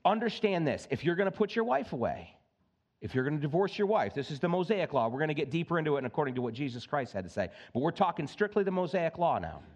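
A male pastor delivers a sermon with a voice that sits a bit high and moves freely across its range. He is animated, switching quickly between earnest teaching and playful asides. He speaks through a church sound system.

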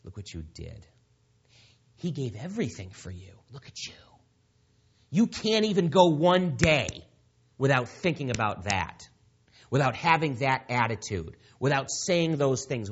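Man doing a hushed, needling devil. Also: mid-range voice, big pitch swings, measured pace, slight background noise. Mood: taunting. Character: the accuser, a taunting male devil. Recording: dull lo-fi recording.

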